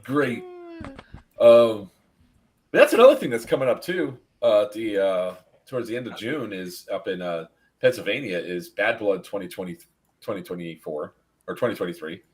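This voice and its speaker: A man with a lowish voice and moderate pace hosts a casual live stream as a podcast host. Animated and laughing, he tells a story full of acted-out voices.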